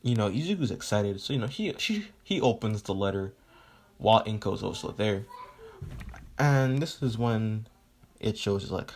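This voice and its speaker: Low-voiced man rambling through a story. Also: lively intonation, normal speed, darkish tone. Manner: rambling, leans on fillers like "right?" and "you know"; swears casually. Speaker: fan fiction storyteller. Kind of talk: casual spoken storytelling.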